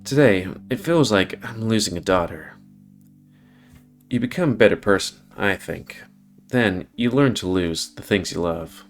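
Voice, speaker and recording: A man acting out a gruff older father in a game story, dry and probing. He drawls slowly in a low register. Quiet guitar lingers behind him. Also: expressive. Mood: drawling.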